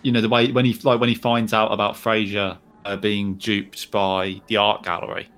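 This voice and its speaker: A man co-hosting a podcast in casual chat, speaking haltingly with many fillers and acting out quotes. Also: fairly low pitch, flat delivery, fairly bright tone. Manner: hesitant, many fillers and restarts, acts out quotes. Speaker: podcast co-host.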